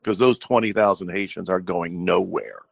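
A man's voice: low-pitched, fairly even intonation, normal speed, vocal fry, no room sound. A man calling in to a talk radio show, speaking in a plain, grim way and telling a story to make his point. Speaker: caller.

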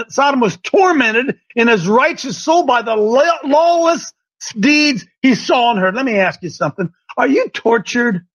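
A man preaching an impassioned sermon, swinging between shouted declarations and quieter, lower asides. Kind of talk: fiery sermon. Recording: dull lo-fi recording.

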